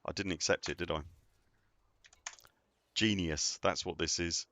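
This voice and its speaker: A man's voice: low-pitched, fairly even intonation, unhurried, pushed and bright. A man casually chatting while live-streaming a game, rambling and answering viewers as he plays.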